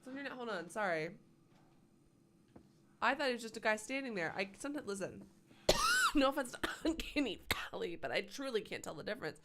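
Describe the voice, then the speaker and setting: A woman's voice: a little high, wildly swooping pitch, brisk, long pauses, background noise. Playful swearing woman streamer. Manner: playful, sarcastic, swears freely. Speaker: gaming streamer. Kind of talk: live game commentary.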